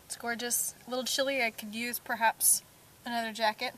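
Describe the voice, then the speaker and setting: A woman's voice: fairly high pitch, level tone, a little fast, recorded from a distance. A woman co-hosting a casual travel vlog outdoors in a redwood forest, with a playful, bubbly way of talking. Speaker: vlog co-host. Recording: loud outdoor noise with birdsong.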